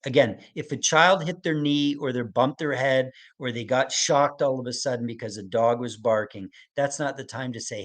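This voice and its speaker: A middle-aged man leads a parenting webinar in a calm, gentle way. He repeats key phrases so that they sink in and often checks in with the listeners. His pace is patient and he explains things slowly. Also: medium pitch. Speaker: autism expert presenting a webinar.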